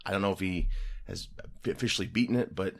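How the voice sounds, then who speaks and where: A man's voice: low voice, fast. A man co-hosting a casual geek podcast, chatting and laughing often. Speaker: podcast co-host. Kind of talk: casual chat.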